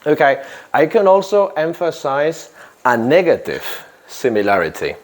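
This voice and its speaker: A man teaching an English grammar lesson in a classroom, speaking deliberately, stressing key words and quizzing his students. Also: fairly high pitch, very animated.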